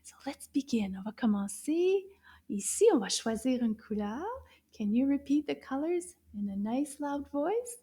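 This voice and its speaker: Woman, children's teacher, mellow warm tone, sing-song, cheerful. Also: high voice, lively intonation, moderate pace, slightly rough. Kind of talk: children's language lesson.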